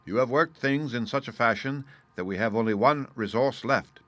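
An adult man voicing a soft-spoken, precise and menacing older criminal mastermind in an audiobook reading. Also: medium pitch, moderate pace, no echo, lightly acted.

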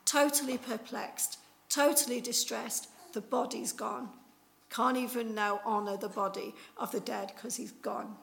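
Woman preacher, higher voice with gravelly fry, chatty storytelling sermon. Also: fairly bright tone. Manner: chatty storytelling with many fillers. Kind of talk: informal Easter sermon.

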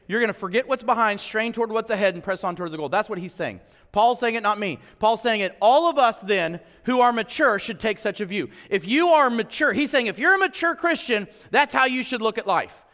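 A middle-aged male pastor preaching a sermon in a church, conversational and swinging between quiet reflection and emphatic exhortation. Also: sits high. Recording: long hall reverb.

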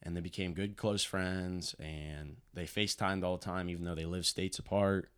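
A young man telling a painful personal story in a casual, halting way, full of restarts and fillers. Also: sits low, fairly even intonation, a bit bright, clear, resonant tone. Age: young adult.

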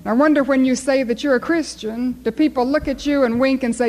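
A woman preaching a sermon, telling a story in an animated storyteller's way before moving into scripture. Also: sits high, normal speed, low-quality recording.

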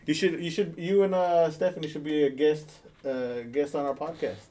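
A man's voice: fairly high pitch, fairly even intonation, normal speed, dark tone. A man co-hosting a live podcast, talking loosely and laughing in casual banter over drinks. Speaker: podcast co-host.

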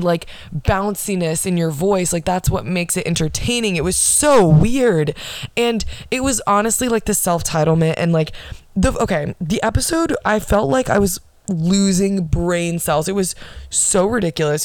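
A woman's voice: lowish voice, no room sound. A young woman hosting her own solo podcast, ranting bluntly and sarcastically with lots of swearing. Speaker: podcast host.

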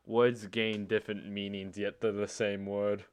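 A man's voice: fairly low pitch, flat delivery, a little slow, smooth. A young man chatting casually as co-host, laid-back and hesitant with lots of fillers. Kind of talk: casual chat.

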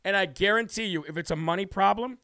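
A man's voice: sits high, fast talker, pushed and bright, clear, resonant tone, no echo. An American man hosting a political talk show, brashly ranting and heatedly mocking officials with opinionated commentary.

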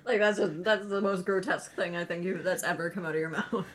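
A woman's voice: lowish voice, steady tone, fast talker. A woman co-hosting a casual podcast who answers in short, wry remarks. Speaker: podcast co-host. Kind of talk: casual chat.

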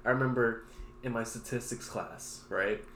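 A man's voice: mid-range voice, fairly even intonation, moderate pace, fairly bright tone, a little hiss or hum. A young man co-hosting a podcast, telling stories casually and swearing freely. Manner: crude, storytelling, swears freely. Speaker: podcast co-host. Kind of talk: casual chat. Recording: echoey room.

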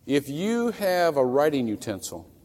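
A man preaching a sermon as a pastor, swinging from loud acted outbursts to soft, near-whispered pleas. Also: a little high, very animated, unhurried. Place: church sanctuary. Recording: long hall reverb from a church.

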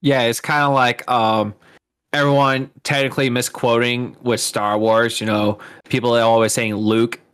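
A young man as a podcast guest, relaxed and chatty, retelling jokes and quotes in a casual conversation. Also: medium pitch, moderate pace, clean tone. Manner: relaxed, chatty, recounts memes with quoted voices.

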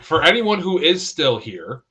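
A man's voice: a little high, big pitch swings, a little slow, bright, forceful tone, breathy edge. A man hosting a casual livestream show, joking and swearing with his co-hosts. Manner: joking, profane banter. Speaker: podcast host.

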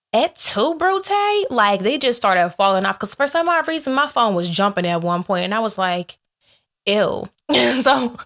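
A woman talking to her viewers about faith in a loose, chatty way. She tells her stories with lots of animation, acting out both sides of each exchange. Her voice sits at an ordinary middle pitch. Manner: animated storytelling that acts out her own and God's replies; chatty, with playful asides to viewers. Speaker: faith vlogger. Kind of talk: casual faith talk to viewers.

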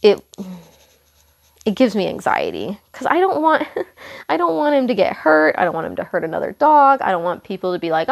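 A young woman hosts a podcast and tells a casual, meandering story, backtracking and correcting herself as she goes. Her pitch rises and falls a lot, and a gravelly fry runs under her voice. She fills her pauses with loose asides. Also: wildly swooping pitch. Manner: rambling, self-correcting, lots of fillers and asides. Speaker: podcast host.

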